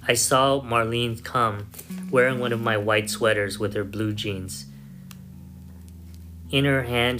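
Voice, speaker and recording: Slow, somber male storyteller. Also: mid-range voice. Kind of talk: first-person story narration. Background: soft guitar music.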